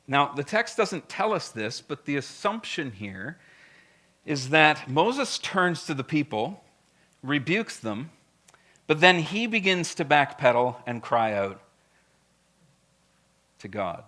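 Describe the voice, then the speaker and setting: A man's voice: fairly high pitch, sing-song, slow pace, long pauses, bright, forceful tone. A male pastor preaching a sermon in a blunt, emphatic, conversational way, with frequent direct asides to the congregation.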